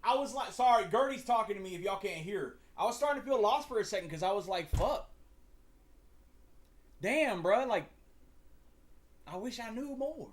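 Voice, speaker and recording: A young man hosts a livestream, talking casually in a slangy, profane, rambling style and stumbling over his words often. His voice is high-pitched, animated, and fairly quick.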